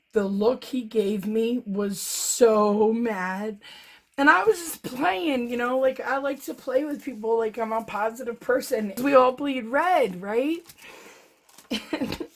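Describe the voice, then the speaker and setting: A woman's voice: a little high, takes it slowly. A middle-aged woman telling a personal story to her viewers in a casual, chatty way, laughing often as she talks. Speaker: vlogger, fluid art painter.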